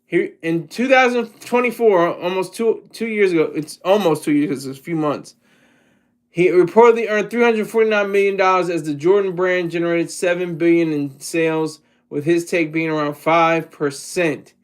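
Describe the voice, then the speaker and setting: A man's voice: fairly high pitch, moderate pace. A man from Delaware giving rambling, jokey solo commentary, often cutting himself off mid-word. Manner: rambling, jokey, self-interrupting. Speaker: vlogger.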